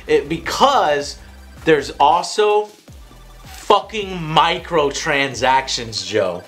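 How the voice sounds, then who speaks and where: A young man co-hosting a casual game review chat, excitable and profane, ranting. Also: on the high side, takes it slowly, soft background music.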